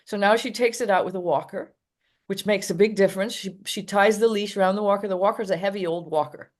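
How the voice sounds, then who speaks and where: A woman's voice: medium pitch, steady tone, fast. An older woman, a dog trainer, chatting casually in an interview and telling rambling anecdotes with frequent laughs.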